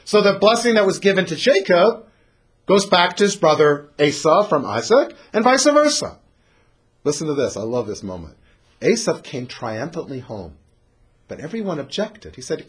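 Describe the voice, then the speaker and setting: A male teacher gives an animated scripture lesson with a husky voice. His pitch moves widely, and he swings between loud emphasis and hushed delivery. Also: normal speed.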